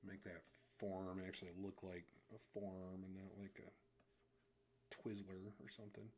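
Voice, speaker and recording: A man's voice: low-pitched, little pitch movement, a little slow, a little mellow, slight background noise. Rambling male streamer chatting while he draws. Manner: rambling, self-deprecating, thinks aloud. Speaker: livestreamer drawing comics. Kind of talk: casual chat while drawing.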